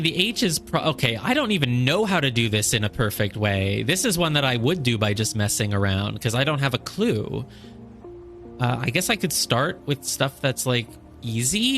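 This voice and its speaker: Gravelly and a bit bright at a medium pitch, a young man's voice narrates his puzzle-game stream. He reasons aloud, tallies squares, and berates himself for his blunders in casual live commentary.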